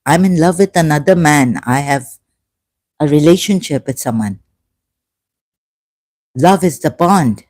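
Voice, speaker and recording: A woman streamer talks through her chat, scolding and complaining in a halting way, full of "uh" and "um". Her voice sits a little low and has a mellow, warm tone. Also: lively intonation. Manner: halting, many fillers, indignant. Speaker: YouTuber. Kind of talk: live-stream commentary reading chat.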